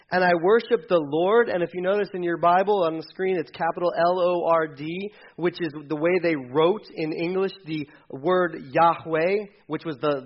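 A pastor preaching a sermon with animated storytelling, acting out the quoted lines himself. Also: male voice, a little high, dull audio.

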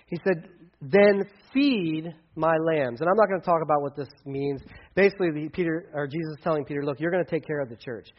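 Male pastor, slightly high voice, casual sermon, animated dialogue, lo-fi. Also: rapid-fire, hardly any pauses. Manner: conversational, acts out dialogue with big swings in pitch and loudness.

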